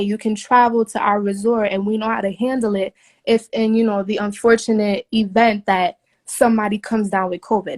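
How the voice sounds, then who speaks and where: A young woman, a flight attendant, venting her story in a casual video from a hotel room, indignant and emphatic, swearing often. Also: mid-range voice. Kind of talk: casual phone video rant.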